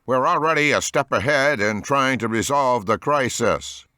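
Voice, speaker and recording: A man voicing a serious, businesslike male agency boss in an audiobook, speaking in a measured monotone. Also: mid-range voice, no room sound, studio quality, pitched above the performer's own voice, lightly acted. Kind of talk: audiobook character voice.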